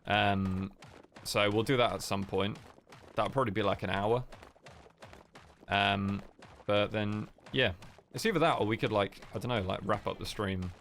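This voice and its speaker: Young male streamer: low, gravelly voice, soft and sleepy delivery, rambling chat with a faint hiss behind. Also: a little slow. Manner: soft, sleepy-sounding chatter; rambling, lots of fillers. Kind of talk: casual livestream chat.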